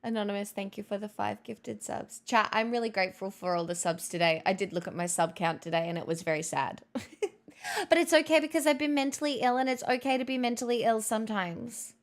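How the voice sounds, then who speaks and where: A woman's voice: mid-range voice, brisk. Rambling, swearing young woman streamer. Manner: rambling, self-mocking, swears freely. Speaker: live streamer. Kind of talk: casual live-stream chat. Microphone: studio mic at desk.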